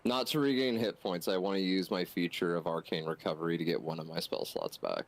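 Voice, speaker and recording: A man's voice: low-pitched, a little fast, gravelly. A man playing a tabletop game as a wizard player, casual and joking. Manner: joking, animated banter.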